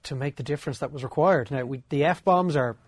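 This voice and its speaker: A man's voice: mid-range voice, brisk, husky, no room sound, studio quality. A young Irish man, a radio co-host, telling a story in an easygoing, colourful way. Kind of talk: casual chat.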